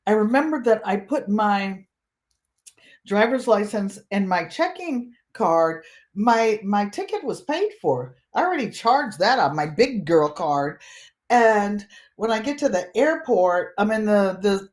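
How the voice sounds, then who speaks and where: An older woman from Connecticut, host of a quilting channel, telling a funny travel story in a casual, animated way and acting out the voices of people in it. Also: mid-range voice, unhurried. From Connecticut, USA. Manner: animated, comic, acts out voices in her story.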